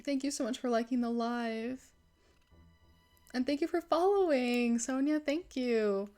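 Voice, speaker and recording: A woman's voice: sits high, measured pace, soft background music. A young woman streaming a video game, chatting animatedly with her viewers and reacting to the story. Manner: animated, chatty, reads game text aloud. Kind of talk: live gaming commentary.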